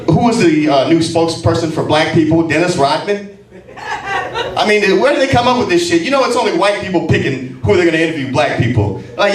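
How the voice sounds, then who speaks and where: A man's voice: sits high, expressive, fairly quick. A man in his forties doing a brash, profane, mocking stand-up routine on a comedy club stage. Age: 40s. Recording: echoey club sound from a distant mic.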